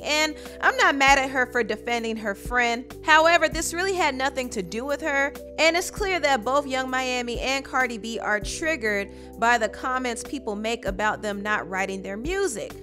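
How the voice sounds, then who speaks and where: Bright, high-voiced gossip host. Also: female voice, moderate pace, few pauses, faint music behind. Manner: sassy, conversational. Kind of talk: celebrity gossip commentary.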